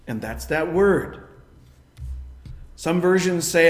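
Male pastor, middle-aged, high-pitched, animated storyteller, roomy sound. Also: slow, pauses often. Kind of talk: sermon with personal story.

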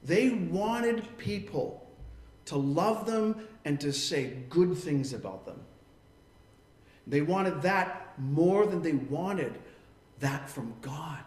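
A man's voice: fairly high pitch, expressive, takes it slowly, a little mellow, reverberant. A man preaching a sermon in an earnest tone. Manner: earnest preaching, acting out quoted voices. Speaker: pastor.

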